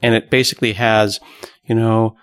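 A man from the Pacific Northwest hosting a casual tech podcast, talking in an even, newsreader-like way. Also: on the low side, normal speed, clean tone, no room sound, clean studio sound. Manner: plain newsreader-like delivery. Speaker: podcast host.

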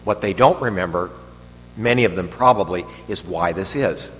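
A priest with a fairly low voice delivers a homily in a relaxed, rambling, conversational way, slipping in dry jokes. His words echo with long hall reverb, and a faint hum runs underneath. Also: moderate pace. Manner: conversational, digressive, joking asides. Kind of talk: sermon. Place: church hall.

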